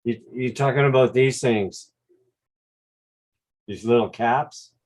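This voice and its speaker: A man with a Quebec accent, hosting a relaxed, rambling livestream chat over a video call with some mild swearing. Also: medium pitch, slow pace. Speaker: drone channel host.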